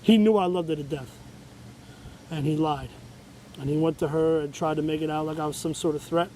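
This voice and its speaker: A man delivers a long, agitated monologue, swearing freely and circling back on himself. His voice sits somewhat high for a man. A faint hiss of noise runs underneath. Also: fairly even intonation, brisk, dark tone, poor audio. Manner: profane, agitated, rambling. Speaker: show host. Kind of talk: ranting monologue.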